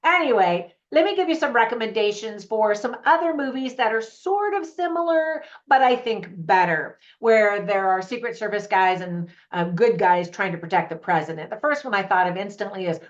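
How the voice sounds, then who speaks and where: A woman's voice: mid-range voice, expressive, moderate pace, hardly any pauses. Chatty woman reviewing movies, dull audio. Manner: chatty, opinionated, laughing asides. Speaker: movie reviewer, channel host. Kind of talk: casual to-camera review.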